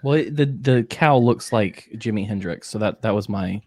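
A man's voice: on the low side, moderate pace, darkish tone, no echo. A man hosting a podcast in casual chat, joking around and talking while chewing spicy jerky. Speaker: podcast host.

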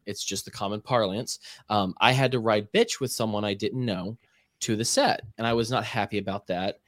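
A low-pitched man tells a lively anecdote on a podcast, jumping into the voices of the people in the story. The sound is dry and close, with no room around it. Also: no echo. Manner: animated anecdote-telling with acted-out quotes. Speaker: podcast co-host. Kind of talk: casual storytelling chat.

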